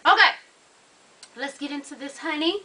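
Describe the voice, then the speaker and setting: Woman vlogger, high bright voice, sassy profane recap, says honey a lot. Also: moderate pace, low-quality recording. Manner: sassy, profane, keeps calling listeners honey. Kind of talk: casual episode recap.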